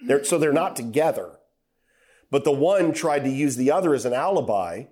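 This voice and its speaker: A middle-aged man preaching a sermon, telling a story with acted quotes and climbing to loud, emphatic high passages. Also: lively intonation, normal speed.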